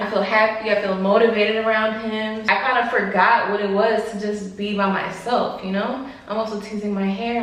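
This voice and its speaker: A woman's voice: mid-range voice, distant mic. A young woman from Long Island, New York, speaks openly and casually to her camera, cursing now and then as she talks. She is recorded at home from a few steps back, so her voice rings in a strongly echoing room. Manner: chatty and candid, swears casually. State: pregnant. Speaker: vlogger. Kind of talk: casual confessional vlog. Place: room at home in front of a mirror. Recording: very echoey room, voice off-mic.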